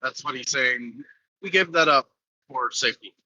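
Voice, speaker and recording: A man co-hosting a casual commentary chat, asking questions and musing in a halting way. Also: mid-range voice, pushed and bright, dull audio, a little hiss or hum. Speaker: podcast co-host.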